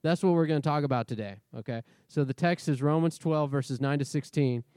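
A pastor preaching a sermon in a conversational way, leading a prayer and often checking in with the congregation. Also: male voice, on the high side, brisk, a little mellow, no echo, clean studio sound. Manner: conversational, asks the congregation questions.

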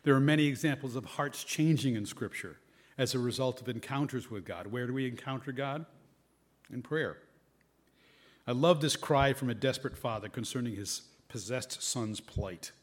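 Conversational male preacher reading scripture. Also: medium pitch. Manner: conversational, reads scripture aloud with varied emphasis. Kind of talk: sermon.

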